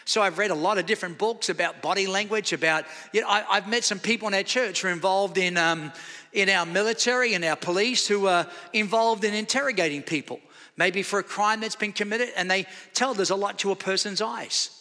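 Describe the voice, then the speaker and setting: An Australian pastor in his fifties preaches a sermon in a church sanctuary, his high-pitched voice moving a little fast with a big-room sound. He tells stories animatedly, acting out the dialogue.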